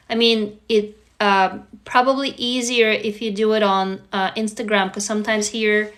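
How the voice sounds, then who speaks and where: A woman's voice: mid-range voice, fairly even intonation, normal speed, fairly bright tone. A woman hosting a casual live-stream on her phone, talking to viewers in an earnest, reassuring way, with many fillers. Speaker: livestream host answering viewers.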